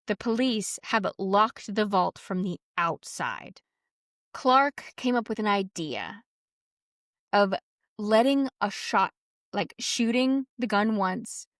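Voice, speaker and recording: Podcast host, woman, mid-pitched, chatty storyteller, dry close mic, quick asides. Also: dry recording. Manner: chatty, lots of "like", quotes people in quick asides. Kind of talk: casual storytelling chat.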